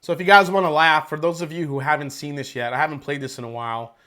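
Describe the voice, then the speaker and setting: A man's voice: on the high side, fairly even intonation, fast, bright, forceful tone. A man hosting a casual whiskey tasting livestream from home on a wireless mic, talking loosely, rambling and swearing now and then. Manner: loose, chatty, rambling, swears and laughs easily. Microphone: wireless microphone with battery pack.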